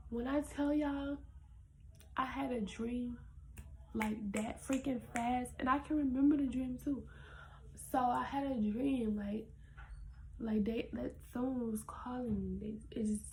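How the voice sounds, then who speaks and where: A woman's voice: a little high, a little hiss or hum, poor audio. Young woman telling a story, half-whispered. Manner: animated, often dropping to a whisper. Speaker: vlogger. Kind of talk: casual storytime.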